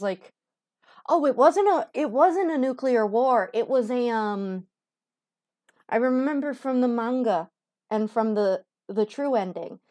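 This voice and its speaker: A woman's voice: fairly high pitch, a little mellow, dry recording, studio quality. A woman streamer giving casual, rambling gameplay commentary in a chatty, giggly way.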